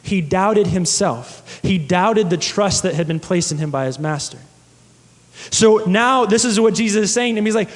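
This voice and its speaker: A man's voice: high-pitched, lively intonation, moderate pace, in a large hall. A man preaching a sermon, telling stories and asking the congregation questions. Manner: storytelling, asks the congregation questions. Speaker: pastor.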